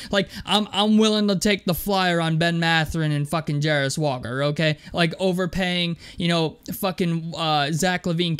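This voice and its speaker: A man's voice: on the high side, fairly bright tone, smooth. A young man delivering an angry, profane basketball rant, stumbling over and repeating his words as he vents. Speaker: sports commentator.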